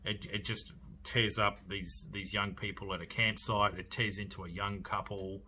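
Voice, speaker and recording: A man with an Australian accent talks through a horror film review in a loose, rambling way, full of fillers and restarts. His voice is low-pitched but bright and forward, with a faint ambient hiss behind him. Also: flat delivery, normal speed. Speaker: podcast host reviewing films. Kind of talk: casual solo review.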